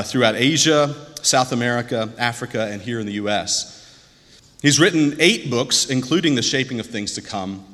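Male professor, formal speaker introduction, mid pitch, reverberant chapel. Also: a bit bright. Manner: earnest, halting with fillers. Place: seminary chapel.

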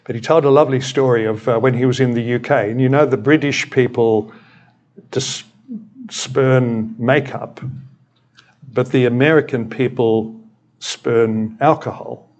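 An Australian man in his sixties delivers a sermon in an easy, conversational manner. His voice sits at an ordinary middle pitch, and he drops in wry, humorous asides as he goes. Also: steady tone, a little slow, a little mellow, lo-fi sound. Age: 60s. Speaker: retired senior minister, preacher.

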